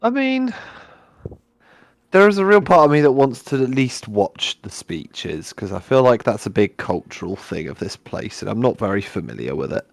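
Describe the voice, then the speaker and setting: Male player, playful and highly animated intonation, dry recording. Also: normal speed, gravelly, no room sound. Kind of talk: casual tabletop chat.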